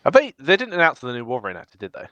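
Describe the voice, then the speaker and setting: A man's voice: mid-range voice, huge pitch swings, racing, fairly bright tone, dry recording, lo-fi sound. A man co-hosting a casual podcast chat who speaks hesitantly, with many ums. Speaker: podcast co-host.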